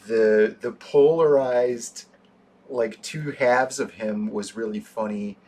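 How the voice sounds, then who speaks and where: A man co-hosting a casual movie review chat, animated, often acting out scenes in quoted voices. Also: medium pitch, slow. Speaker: podcast co-host.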